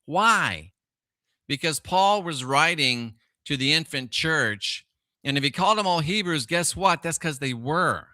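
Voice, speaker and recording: A man's voice: a little high, animated, normal speed, sharp tone, dry recording, clean studio sound. A middle-aged man hosting a live stream, talking through religious questions with viewers and asking rhetorical questions as he goes. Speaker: livestream host.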